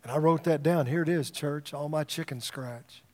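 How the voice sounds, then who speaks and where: A man's voice: fairly high pitch, moderate pace, a little mellow. A middle-aged man, a pastor, preaching a sermon in a conversational storytelling way, often repeating words as he starts a thought.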